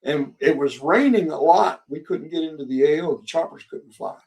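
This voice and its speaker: A man's voice: a little high, creaky, darkish tone, far from the mic. Rambling storyteller in his seventies, off-mic. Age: 70s. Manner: rambling, halting, chuckling storyteller. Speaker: guest, war veteran. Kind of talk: storytelling interview.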